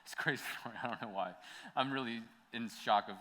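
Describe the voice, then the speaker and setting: A man's voice: medium pitch, fast talker, bright, forceful tone. A young adult man preaching, telling a personal story in a casual, chatty way, with many "like"s and bursts of laughter. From United States. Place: church hall. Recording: long hall reverb.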